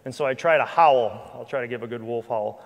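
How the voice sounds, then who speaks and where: A man's voice: mid-range voice, brisk, creaky. Man telling a story in a reverberant church hall. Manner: lively anecdotal storytelling with repeated restarts. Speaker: guest speaker and hunting guide. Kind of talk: storytelling talk to a church audience. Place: church hall with live audience. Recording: long reverb of a large hall.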